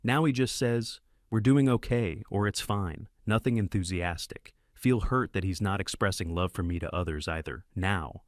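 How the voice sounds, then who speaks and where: A man reads a first-person story aloud in short, clipped fragments. His voice sits on the low side. The recording is dry and close, with no room sound. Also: moderate pace, few pauses, no room sound. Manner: terse, clipped sentence fragments. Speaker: narrator.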